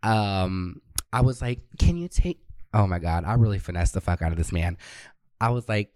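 A man's voice: low voice, moderate pace, no echo. A man co-hosting a podcast, telling a long personal story in casual chat. He swears freely and acts out what other people said. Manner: profane, animated storyteller who acts out quotes. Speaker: podcast co-host.

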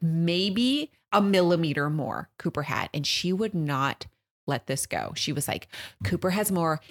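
A woman in her thirties co-hosting a podcast, chatting casually and telling a family story with acted-out quotes. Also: sits low. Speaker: podcast co-host. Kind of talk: casual chat.

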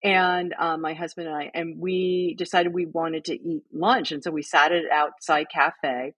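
A middle-aged American woman chatting casually on a podcast, telling animated stories and acting out what people said. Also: low voice, moderate pace, breathy edge, no echo. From United States. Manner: animated storyteller, acts out quotes. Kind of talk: casual chat.

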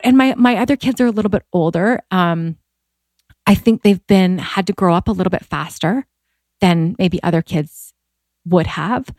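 A woman's voice: fairly low pitch, normal speed, darkish tone, no echo. A woman in her forties, a guest telling personal stories in candid, heartfelt conversation, with many fillers and a voice that rises when she is moved. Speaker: podcast guest.

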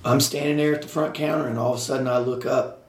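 A man's voice: mid-range voice, steady tone, fast talker. A man telling casual stories as a podcast guest, rambling with restarts and frequent laughter. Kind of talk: casual storytelling. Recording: roomy echo.

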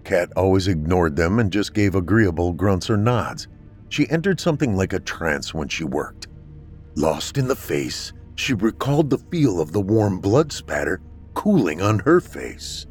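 A man steadily narrating a scripted horror story in a measured storytelling voice. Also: low-pitched, very animated, darkish tone, faint music behind.

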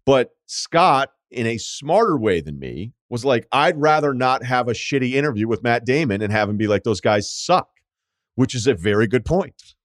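A man's voice: medium pitch, animated, moderate pace, no echo, studio quality. A man hosting a podcast, telling a rambling, profane anecdote in a casual storytelling way. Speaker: podcast host.

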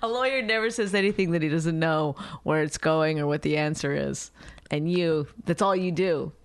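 A woman on a casual comedy podcast, teasing her partner and giggling at her own jokes. She talks in halting runs full of restarts and fillers, then bursts into loud mocking impressions. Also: low voice. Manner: teasing, giggly, with sudden loud mock voices. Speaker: podcast co-host.

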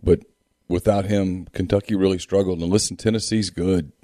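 A man co-hosts a sports podcast in a low, mellow voice. He reads ads and sizes up teams steadily, recorded close and dry with no room sound. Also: steady tone, moderate pace, no room sound. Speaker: sports talk co-host. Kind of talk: reading sponsor ads and casual sports chat.

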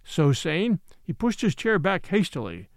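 A man narrating an old adventure tale with expressive delivery. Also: on the high side, unhurried, dry recording, studio quality. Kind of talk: scripted storybook narration.

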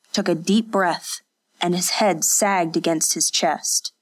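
A woman narrating an audiobook in an even, unhurried storytelling manner. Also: on the low side. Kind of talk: scripted narration.

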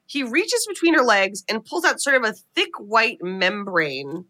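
Young woman podcast host, bright tense voice, recapping a movie all chatty and animated. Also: on the high side, measured pace. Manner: animated storytelling with many "like" fillers. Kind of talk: casual comedic film recap.

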